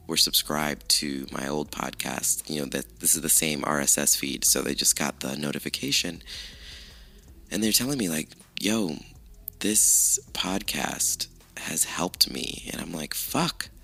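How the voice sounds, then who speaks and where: A man hosting his own podcast, chatting casually with lots of swearing and self-mockery, his voice rough with morning allergies. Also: a bass voice, sharp tone. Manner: chatty, profane, self-mocking. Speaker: podcast host. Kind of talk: casual solo podcast chat.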